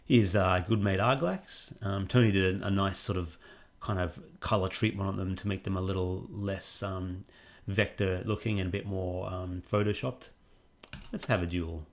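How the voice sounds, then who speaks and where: A man, a game developer giving rambling, relaxed gameplay commentary with plenty of fillers. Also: deep voice, normal speed.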